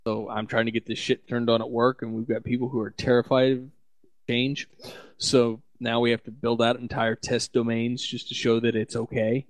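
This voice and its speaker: A man's voice: mid-range voice, flat delivery, normal speed, no echo. A man hosting a casual tech podcast, sardonic, laughing often as he reads news items aloud. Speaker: podcast host.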